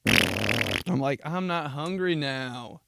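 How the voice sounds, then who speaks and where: A man's voice: medium pitch, sing-song, takes it slowly, creaky, heavy background noise. A young man hosting a casual solo podcast, rambling through profane stories and laughing at his own jokes. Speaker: podcast host.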